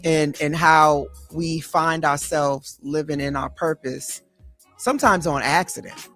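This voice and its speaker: A man's voice: fairly high pitch, measured pace, a bit bright, soft background music. A man, a therapist and life coach hosting an interview, speaking in a reflective, encouraging way. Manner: reflective and encouraging, short affirmations. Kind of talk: interview conversation.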